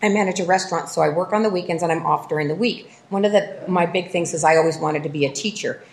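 A middle-aged woman telling her recovery story at a meeting, self-mocking and lively, full of fillers and restarts. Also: lowish voice, quick pace, echoey room, a little hiss or hum. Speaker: speaker sharing at a recovery meeting. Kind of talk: personal recovery testimony.

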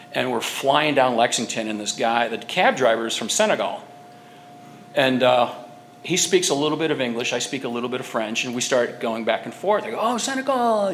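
A man's voice: mid-range voice, fairly bright tone, a little hiss or hum. Man rambling through a personal testimony. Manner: rambling, halting storytelling. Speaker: speaker sharing at a recovery meeting.

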